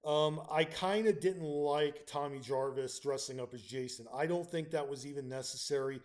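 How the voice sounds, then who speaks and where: A man's voice: on the high side, normal speed. A man hosting his own channel, giving a casual spoken film review with frequent ums and restarts. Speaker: channel host reviewing films.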